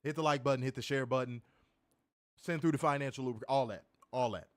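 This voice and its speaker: A man's voice: mid-range voice, brisk, no room sound. Exasperated man ranting a wrestling review. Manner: exasperated, profane, sarcastic, addresses listeners as y'all. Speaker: podcast co-host reviewing wrestling.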